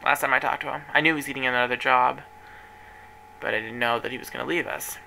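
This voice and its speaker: A man's voice: mid-range voice, fairly even intonation, fast talker, vocal fry, pushed and bright, slight background noise, low-quality recording. A young man telling a personal story in an emotional, rambling way, with many restarts. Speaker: vlogger.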